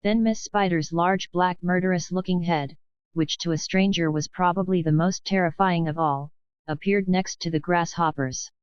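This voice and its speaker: A woman reading a children's audiobook in a steady storybook narration. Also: lowish voice, moderate pace, clean tone, no echo. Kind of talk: scripted narration. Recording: dull dry studio recording.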